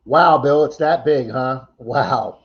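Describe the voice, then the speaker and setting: A man's voice: medium pitch, slow, lo-fi sound. A man hosting a casual livestream chat, thanking viewers by name and reading their comments. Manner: chatty, thanks viewers by name, laughs easily. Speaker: livestream host.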